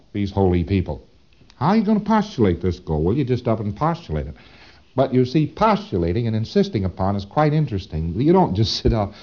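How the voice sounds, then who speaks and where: A man's voice: fairly low pitch, highs cut off. A man giving a lecture, speaking dramatically with rhetorical questions and acting out his examples. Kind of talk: recorded lecture.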